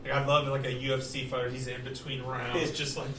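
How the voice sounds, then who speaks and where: A man performing a stand-up comedy set, animated, with loud acted outbursts. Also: mid-range voice, brisk, very noisy. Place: comedy stage in a poker room. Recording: roomy live club sound from far off. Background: audience laughter.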